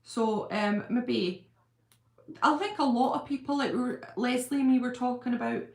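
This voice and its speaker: A woman's voice: on the high side, normal speed, creaky. A woman hosting her own channel, chatting casually on a live stream and rambling as she answers viewer comments at home. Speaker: channel host. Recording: roomy echo.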